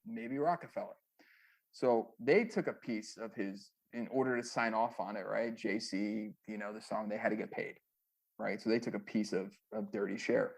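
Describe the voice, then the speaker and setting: A former music manager, a man, telling a long story in a loose, rambling way and often ending sentences with a quick "right?". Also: lowish voice, vocal fry. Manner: ends many sentences with a tag question, "right?"; loose and rambling, with restarts and fillers. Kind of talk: casual storytelling in an interview.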